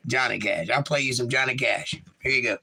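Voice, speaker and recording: A man's voice: mid-range voice, measured pace, vocal fry, bright, forceful tone, breathy edge. A man hosting a casual livestream, greeting chatters by name and reading their comments aloud. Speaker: livestream host. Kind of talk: casual chat reading out live chat, with singing to guitar.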